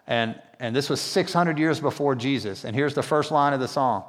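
Speaking at a moderate pace in a medium-pitched voice, this pastor delivers his sermon like a conversation, often asking the congregation questions. The recording carries the long reverb of the church hall where he preaches.

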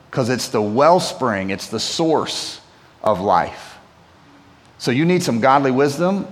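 A pastor preaching a sermon to his church in a conversational, storytelling manner. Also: mid-range voice. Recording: long hall reverb.

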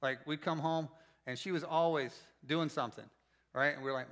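A pastor preaching a sermon to a church congregation, animated and joking, with sudden loud bursts. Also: male voice, on the high side, a little fast. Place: church service before a congregation.

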